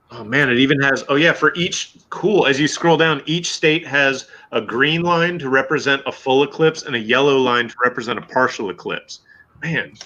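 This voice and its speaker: A man's voice: mid-range voice, sharp tone, muffled recording, slight background noise. A man from Michigan in casual, rambling chat as co-host, swearing now and then.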